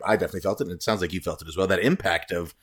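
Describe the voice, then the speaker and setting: Casual podcast co-host: young man, lower pitch, rambling, excitable storyteller. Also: very fast, husky. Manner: rambling, animated storytelling with fillers and laughs. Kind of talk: casual chat.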